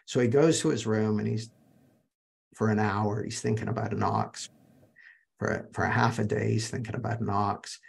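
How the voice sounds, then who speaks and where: Brief: male masterclass speaker, rough husky voice, story-driven delivery over a video call. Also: fairly low pitch, fairly even intonation, moderate pace. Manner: anecdotal storyteller, addresses audience directly. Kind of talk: live online teaching talk.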